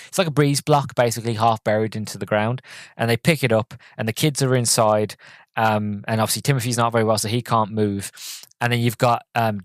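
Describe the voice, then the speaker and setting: A man's voice: mid-range voice, no echo. Dry-voiced man rambling through a film recap. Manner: rambling, full of fillers and self-corrections. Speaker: podcast host reviewing a film. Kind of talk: casual spoken film recap.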